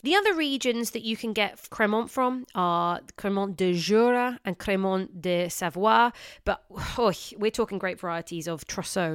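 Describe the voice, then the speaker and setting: A woman's voice: mid-range voice, normal speed, smooth, no echo, studio quality. Chatty woman podcast host. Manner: chatty and informal, with light self-teasing asides. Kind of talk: casual solo podcast talk.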